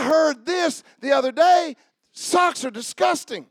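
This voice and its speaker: A man preaching a sermon, swinging from shouted exhortation to hushed asides and repeating his lines call-and-response style. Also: extremely high pitch, slow, dry recording, clean studio sound.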